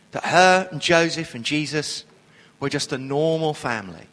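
High-voiced minister preaching in a hall. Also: male voice. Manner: animated storytelling with humorous asides. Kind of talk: sermon.

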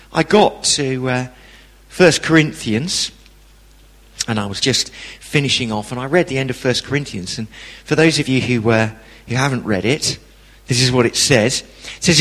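A man giving a testimony sermon, telling a personal story with lively delivery and acting out the people he quotes. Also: fairly high pitch, slightly rough, long reverb tail.

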